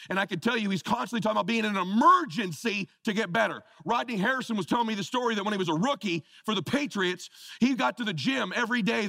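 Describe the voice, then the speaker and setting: A man in his fifties giving a motivational speech on stage, telling stories with acted-out voices and dropping low and soft when speaking prayerfully to the audience. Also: gravelly, dry recording, clean studio sound.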